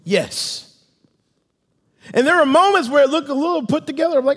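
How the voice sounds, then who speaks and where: A man's voice: very high voice, lively intonation, moderate pace, fairly bright tone. A male pastor preaching a sermon emphatically and calling on the congregation to respond. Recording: long reverb of a large room.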